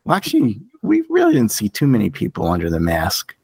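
A man co-hosting a podcast in casual chat, opinionated and animated, jumping up in pitch for emphasis. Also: a little fast, creaky, husky, dry recording. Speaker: podcast co-host.

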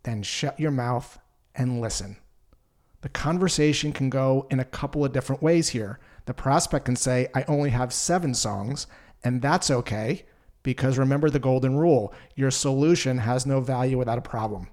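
A man explaining a sales technique in a calm, conversational lesson with measured pauses. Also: medium pitch. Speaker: sales trainer.

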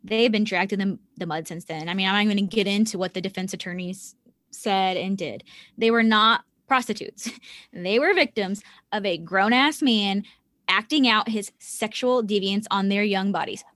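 A woman's voice: mid-range voice, moderate pace, a bit bright, no echo, clean studio sound. A woman hosting a true-crime podcast, talking earnestly and with indignation. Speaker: podcast host. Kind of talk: conversational true-crime discussion.

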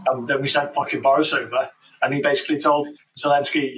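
A man's voice: mid-range voice, level tone, fast, a bit bright, distant mic, a little hiss or hum, low-quality recording. Blunt sweary man, a bit off-mic. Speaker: podcast co-host. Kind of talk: casual current-affairs discussion.

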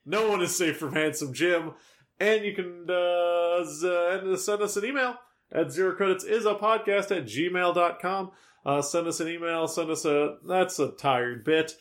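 A man co-hosting a podcast, chatting loosely and reading the show's plugs. His voice sits slightly high. His humor is dry and offhand. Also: measured pace, a bit bright. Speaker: podcast co-host. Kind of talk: casual podcast banter.

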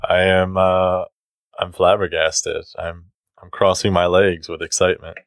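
A man co-hosting a podcast in casual chat, joking with mock excitement. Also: sits low, unhurried.

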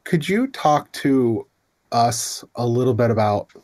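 A man hosting a casual interview, friendly and halting, often restarting his sentences. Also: medium pitch, expressive, a little mellow. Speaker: host.

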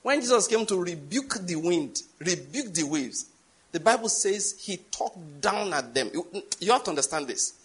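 A man with a Nigerian accent preaching a sermon, telling a story with emphatic stress, jumping high and loud on key words. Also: sing-song, normal speed, husky.

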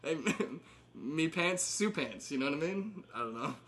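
A man's voice: fairly high pitch, expressive, measured pace, fairly bright tone, a little hiss or hum. A man in his thirties casually catching up with old friends, rambling with fillers and laughing often. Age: 30s. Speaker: host.

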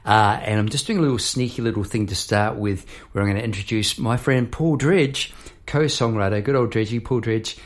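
A man's voice: fairly low pitch, fairly quick. A jovial, chatty man hosting a casual video chat, laughing easily. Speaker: host. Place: Melbourne.

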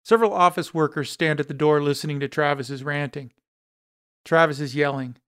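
Male narrator reading a screenplay, smooth voice, dry close sound. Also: a little high, normal speed, no echo. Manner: steady, descriptive.

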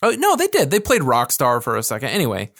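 A man's voice: mid-range voice, huge pitch swings, fast, fairly bright tone, dry recording, studio quality. A man co-hosting a podcast, chatting casually about music in a rambling way full of fillers. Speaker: podcast co-host.

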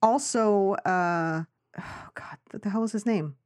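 A woman from New York co-hosting a film review chat, talking casually with lots of quoted reactions and quick asides. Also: mid-range voice, a little mellow, clean tone. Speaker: film review podcast co-host.

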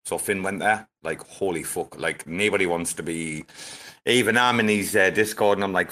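A man's voice: low voice, fairly even intonation, brisk, pushed and bright. Profane, rambling male host. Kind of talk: casual live audio-room chat.

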